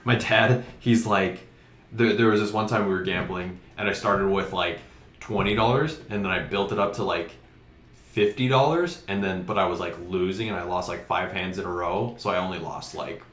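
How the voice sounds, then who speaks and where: A man's voice: sits low, normal speed, a bit bright. A young man co-hosting a casual podcast, rambling through stories with lots of fillers. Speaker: podcast co-host. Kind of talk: casual chat. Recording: echoey room.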